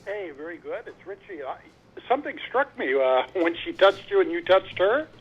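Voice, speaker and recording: Excitable male caller on a line. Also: high voice, moderate pace, breathy edge, dull audio. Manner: excitable, laughing, teasing. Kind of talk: phone-in call.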